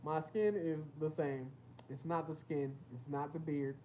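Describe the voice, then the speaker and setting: Young man, livestream host, slangy, swears a lot, animated, faint background noise. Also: on the high side, measured pace. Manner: animated storytelling with lots of slang and cursing. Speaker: rapper hosting a livestream. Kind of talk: casual livestream chat reading comments.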